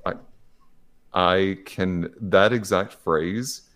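A man with a fairly low voice, talking casually on a podcast. He tells workplace stories with a playful edge and acts out other people's lines. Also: fairly even intonation, very slow, a bit bright.

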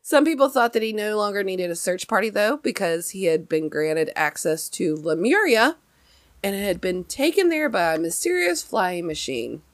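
A young adult woman hosting a podcast, telling a story in casual chat with lively emphasis and many fillers. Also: mid-range voice, moderate pace, no room sound, clean studio sound. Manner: chatty, animated, many fillers. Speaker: podcast host.

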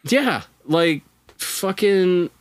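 A man's voice: high-pitched, expressive, drawn-out words, dry recording. A man who is a podcast guest, telling a strange story in laid-back, casual chat with profane, wry asides.

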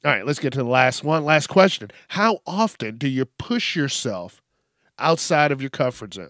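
A man's voice: medium pitch, big pitch swings, brisk, fairly bright tone, no echo, studio quality. A man hosting a solo podcast, joking and cursing often as he talks through listener questions. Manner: profane, joking, laughs often. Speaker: podcast host.

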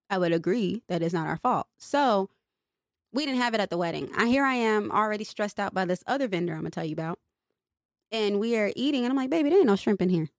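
A woman's voice: medium pitch, no echo, studio quality. A young woman co-hosting a podcast, venting in casual chat and swearing freely. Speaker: podcast co-host.

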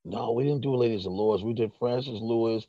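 A relaxed middle-aged man talks in a loose, rambling way, full of fillers and restarts. The sound is dry and somewhat dull, recorded close. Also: mid-range voice, brisk, dry recording. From New York. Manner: laid-back, rambling with many fillers. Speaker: guest. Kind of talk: casual chat.

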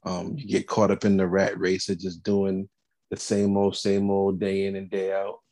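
A man's voice: low voice, completely flat delivery, moderate pace, mellow, no room sound. A young man hosting a podcast in casual, playful chat, joking and laughing with his co-hosts. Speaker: podcast host.

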